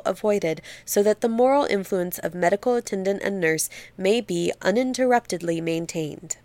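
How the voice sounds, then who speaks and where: Woman reading a dark literary story. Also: lowish voice, no echo. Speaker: narrator. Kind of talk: literary audiobook narration.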